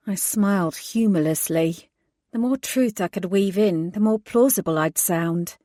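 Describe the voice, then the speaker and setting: A woman reading a first-person audiobook in a steady, measured voice. She lands the heroine's lines with clear emphasis. The sound is dry and close, with no room echo. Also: on the low side. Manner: measured narration with emphatic dialogue. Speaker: audiobook narrator.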